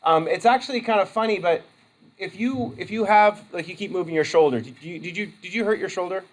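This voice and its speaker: A man's voice: high voice, a little fast, low-quality recording. A male instructor giving a casual, rambling classroom lecture, often interrupting himself mid-sentence. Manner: chatty, rambling, self-interrupting. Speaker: college instructor.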